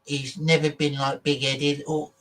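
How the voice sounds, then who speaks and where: A man's voice: a little high, level tone, unhurried, a bit bright. Blunt, sweary man on a choppy stream. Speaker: show host. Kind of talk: casual livestream chat. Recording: distant, choppy internet audio.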